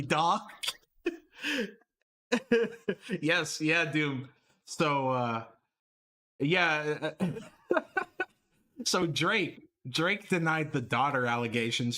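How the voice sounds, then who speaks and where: A man doing live reaction commentary on a stream, with a bright, forceful tone set a little higher than most men's. He laughs often and mocks what he watches in a blunt running patter.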